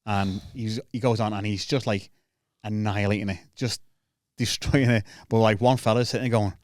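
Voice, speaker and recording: A man's voice: fairly low pitch, normal speed, no room sound, clean studio sound. A man hosting a podcast, telling comedy stories in a casual chat and acting out other people's lines. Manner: animated storyteller, acts out other people's lines. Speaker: podcast host.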